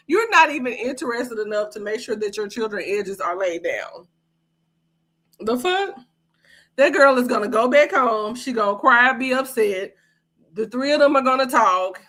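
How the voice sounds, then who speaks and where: A woman's voice: on the high side, fairly bright tone. A woman hosting a livestream podcast, giving blunt, sassy commentary that is full of profanity. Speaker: podcast host.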